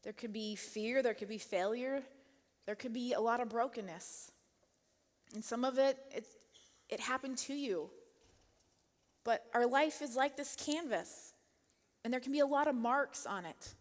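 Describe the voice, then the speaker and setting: A woman's voice: fairly high pitch, unhurried, long pauses. Chatty woman preaching in a reverberant hall. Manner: chatty, laughs often, many "um" and "like". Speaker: church speaker. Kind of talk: casual sermon talk. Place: church auditorium.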